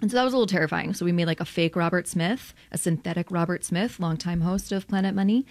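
This woman, a radio journalist appearing as a guest, has a lowish voice recorded with no room sound. She chats animatedly and quickly, laughing often and filling her speech with "like."

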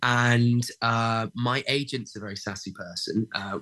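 A young actor, a guest in a casual interview, pausing often with fillers and restarts as he thinks aloud. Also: mid-range voice, sharp tone, low-quality recording. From England. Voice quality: many fillers and restarts, thoughtful.

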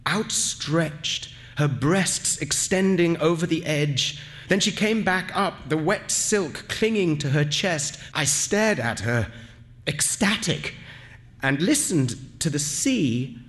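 A man reading a literary story aloud in a slow, lyrical, tender way. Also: on the high side, lively intonation. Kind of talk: scripted literary narration.

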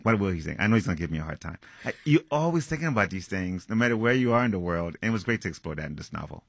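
A man, an author, answering interview questions in an earnest, reflective way, with frequent pauses. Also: low-pitched, expressive, gravelly, slightly rough, dry recording, studio quality. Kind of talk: interview answers and reading from his novel.

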